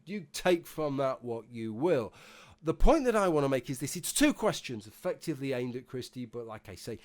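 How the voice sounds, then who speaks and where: Sweary sarcastic man. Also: medium pitch. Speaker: YouTube commentator. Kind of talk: casual commentary monologue.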